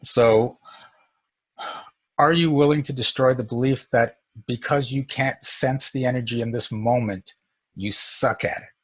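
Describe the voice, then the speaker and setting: A man's voice: medium pitch, steady tone, unhurried, husky. A man teaching an energy work session in a casual, storytelling way, chuckling often.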